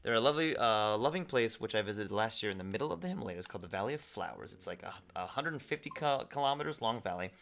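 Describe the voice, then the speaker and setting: A man's voice: fairly low pitch, expressive, fast, vocal fry, hardly any pauses, a bit bright. A man hosting a casual gaming livestream, reading viewer chat messages aloud and chatting back. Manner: reads viewer chat aloud and replies conversationally. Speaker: livestream host.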